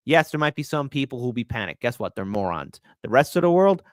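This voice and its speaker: A man's voice: medium pitch, sing-song, a little fast, dry recording, studio quality. A man co-hosting a casual podcast, talking animatedly and slipping into mocking voices as he riffs. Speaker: guest co-host.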